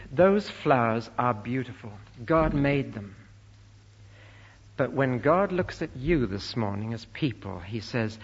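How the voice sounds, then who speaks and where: Earnest preacher in a reverberant church. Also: male voice, mid-range voice, highs cut off. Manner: earnest, emphatic preaching with slow stressed phrases. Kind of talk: sermon.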